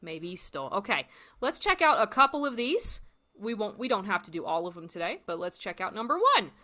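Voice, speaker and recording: Lively, bright-voiced woman teaching Spanish. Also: medium pitch. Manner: encouraging, repeats phrases slowly for learners. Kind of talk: recorded language lesson.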